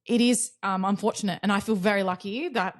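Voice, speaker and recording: Brisk and mid-range, with fairly even intonation, this woman in her twenties co-hosts a podcast in an Australian accent. Her casual chat is blunt and sweary, broken up by frequent laughter.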